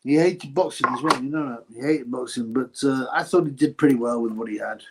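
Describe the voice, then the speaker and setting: This British livestream host has an ordinary mid-range voice and talks fairly quickly, with a little hiss or hum on the audio. In a casual live chat, he reads each viewer question aloud and then fires back a blunt, crude answer.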